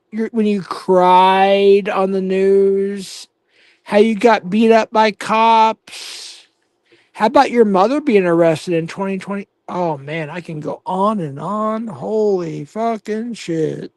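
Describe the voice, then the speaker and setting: A man's voice: sits high, fairly even intonation, slow pace, darkish tone, dry recording. A man hosting a casual livestream, reading chat comments aloud with profane, mocking banter. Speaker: livestream host.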